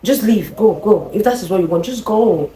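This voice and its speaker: A woman's voice: medium pitch, moderate pace, dark tone, natural voice. A woman playing a sultry, manipulative lover. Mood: hurt pleading. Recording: roomy echo.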